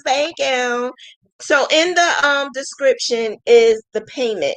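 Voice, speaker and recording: Slow-talking woman livestream host. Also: high voice, low-quality recording. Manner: emotional, thanking viewers, quick to laugh. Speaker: crochet channel host. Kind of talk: casual livestream chat.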